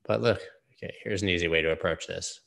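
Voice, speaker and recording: A low-voiced man talking through charts on a live stream, loose and jokey. He wanders off into quick asides, then drifts back to the chart in front of him. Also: gravelly, fairly bright tone. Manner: joking, rambling, quick asides.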